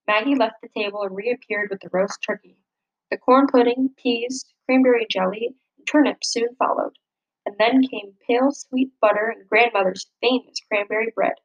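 A woman reading a children's picture book aloud, gently expressive and lifting her voice for the characters' lines. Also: fairly high pitch, moderate pace, lo-fi sound. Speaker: storybook reader.

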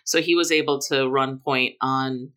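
Woman in her middle years, low pitched but bright and lively, chatting as an interview guest. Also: normal speed. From Jamaica. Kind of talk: casual conversational interview.

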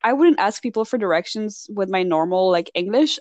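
A woman's voice: mid-range voice, fairly quick, few pauses, no room sound, highs cut off. Laughing French woman, dry close sound. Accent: Parisian French. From France. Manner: animated, laughs often. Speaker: podcast co-host. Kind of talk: casual chat.

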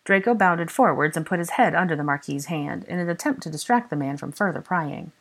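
Woman narrator, deep voice, lively storybook reading. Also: fairly quick. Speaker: fan audiobook reader.

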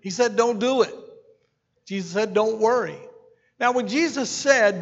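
Folksy pastor, high voice, reverberant hall. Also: male voice, animated, a little slow. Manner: folksy and conversational, with fillers and asides to the congregation. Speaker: senior pastor. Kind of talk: sermon. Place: church sanctuary. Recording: dull sermon recording with long hall reverb.

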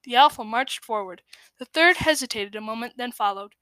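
A woman reading a children's storybook aloud, measured and expressive, sometimes dropping to a hush. Her voice is a little high. The sound is close and dry. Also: smooth, no room sound. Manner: expressive, measured, dips into hushed tones. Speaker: storybook reader. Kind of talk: scripted narration of a children's story.

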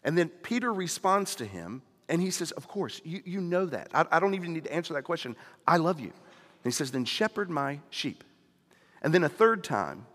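A pastor preaching a sermon, retelling scripture in a conversational storytelling way and acting out the dialogue. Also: male voice, medium pitch, animated, normal speed, a bit bright, long reverb tail.

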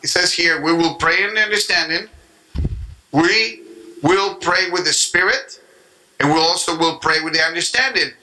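A man's voice: fairly high pitch, normal speed, low-quality recording. A man preaching a sermon, acting out prayers and mimicking people as he teaches. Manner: animated preaching with acted-out prayer voices and tongues. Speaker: pastor.

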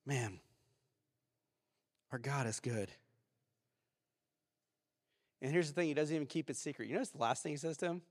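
Animated preaching man in a reverberant hall. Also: medium pitch, fast. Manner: animated, swings between loud outbursts and quiet reflection. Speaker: pastor. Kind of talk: sermon. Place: church sanctuary.

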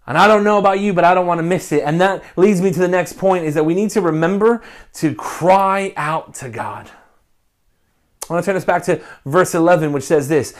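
Passionate pastor preaching. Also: male voice, a little high. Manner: passionate, swings between quiet and loud. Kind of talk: sermon. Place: church recording during lockdown.

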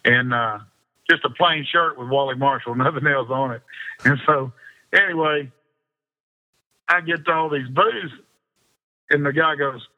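A man's voice: medium pitch, unhurried, long pauses. A man, an interview guest spinning long rambling anecdotes in a casual chat and laughing often. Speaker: interview guest, fishing pro. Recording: dull lo-fi sound.

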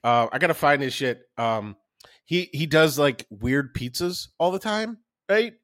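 Podcast co-host, man, slightly high voice, profane and excitable, dry close sound. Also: a little slow, no echo. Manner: profane, excitable, swears constantly. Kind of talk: casual chat.

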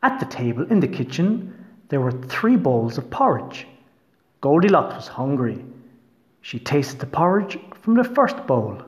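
A man reading a fairy tale aloud in an expressive, storytelling manner. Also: fairly high pitch, unhurried.

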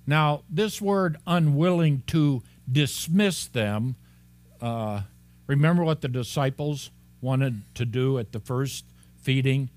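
A pastor works slowly through an expository sermon in a mid-range voice. He stays animated throughout, often laughing and acting out what the story's figures say.

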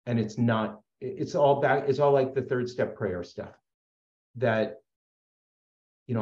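A man's voice: medium pitch, takes it slowly, long pauses, a little mellow, echoey room, muffled recording. A man sharing his story at a support meeting, earnest and rambling, with many fillers and restarts. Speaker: speaker sharing at a recovery meeting. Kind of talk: personal share at a support meeting.

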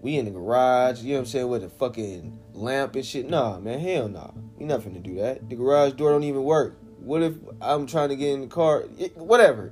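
A man's voice: mid-range voice, darkish tone. A man telling a story in a casual way, swearing a lot, using slang and often checking in with the listener.

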